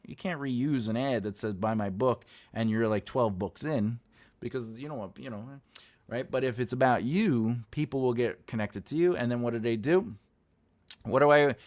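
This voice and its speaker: A man hosting a live writing stream, chatting loosely with his viewers, rambling and laughing, often acting out what other people say. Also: medium pitch. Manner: rambling, animated, laughs often, acts out quotes. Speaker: writing teacher and show host.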